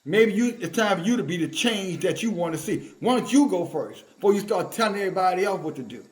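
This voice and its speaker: High-pitched male preacher, confrontational and emphatic, scolding sermon with scripture readings. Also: animated, fast talker.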